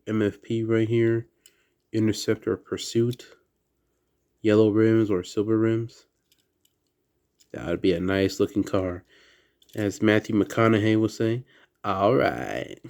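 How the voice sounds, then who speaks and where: A man with a slight Southern accent, chatting quietly through a toy unboxing at home late at night, keeping his voice down. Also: lowish voice. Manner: soft, hushed indoor voice. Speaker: toy collector vlogger. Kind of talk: casual unboxing chat.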